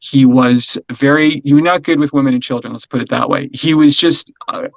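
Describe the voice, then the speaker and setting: Rambling, energetic middle-aged man. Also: medium pitch, brisk, vocal fry, no echo, dull audio. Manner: energetic, rambling, repeats words, frequent "right?". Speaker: interview guest. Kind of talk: casual conversational interview.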